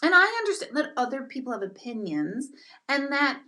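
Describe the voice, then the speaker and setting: Emphatic woman ranting, lively and bright. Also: high voice, brisk. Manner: emphatic, self-mocking, laughs often. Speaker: intuitive and meditation teacher hosting a live stream. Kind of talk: casual live-stream rant.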